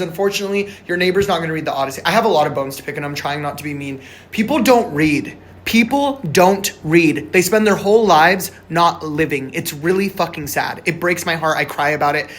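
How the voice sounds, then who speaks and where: A man's voice: high voice, a bit bright. A man talking to camera in a casual vlog. He rambles, swears often and sounds passionate and frustrated. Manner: rambling, emphatic, swears a lot. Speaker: vlogger reviewing a film.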